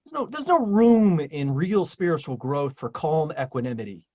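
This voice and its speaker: A man leading a spiritual group talk, emphatic and salty-tongued. His pitch leaps around with real animation as he pushes his point. The recording sounds dull and lo-fi. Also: expressive, normal speed. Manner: emphatic and profane, swings loud and high when stirred.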